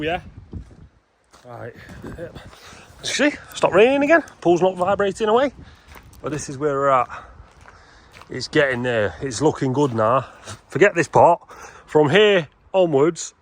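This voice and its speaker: Builder-vlogger, easygoing and talkative, speaking outdoors to a handheld camera with faint site noise. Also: male voice, medium pitch. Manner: chatty, keeps addressing viewers as "guys". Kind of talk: casual vlog talk to camera.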